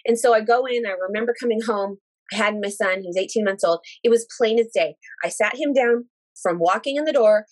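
A woman in her thirties telling a personal story in casual conversation, animated and emotional, acting out quoted dialogue and speaking in religious, thankful terms. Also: fairly high pitch, fairly quick. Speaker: guest sharing a personal story.

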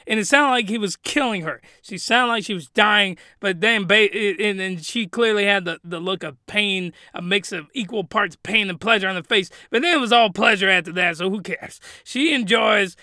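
A young man rambling through a comedic recap, animated and often laughing. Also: sits high, moderate pace, hardly any pauses, no echo, clean studio sound. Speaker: youtuber.

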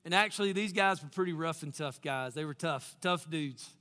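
A man preaching a sermon in a church, very animated, swinging between loud bursts and hushed lines and acting out quotes. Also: on the high side, moderate pace, in a large hall. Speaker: pastor.

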